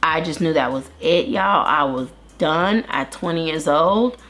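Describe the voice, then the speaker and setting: A woman's voice: low-pitched, measured pace, fairly bright tone. A woman in her thirties, an interview guest earnestly telling her own story with many restarts. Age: 30s. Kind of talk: candid personal testimony.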